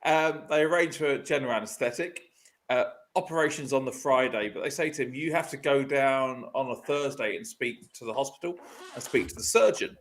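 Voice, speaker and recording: A man's voice: medium pitch, a little fast. A man on a podcast, telling a long, rambling story full of fillers and laughter. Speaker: podcast host. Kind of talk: casual storytelling chat.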